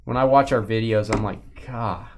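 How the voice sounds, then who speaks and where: A man's voice: mid-range voice, animated, normal speed, a little hiss or hum. A man with a Southern US accent hosting a livestream card break, teasing viewers and calling out cards.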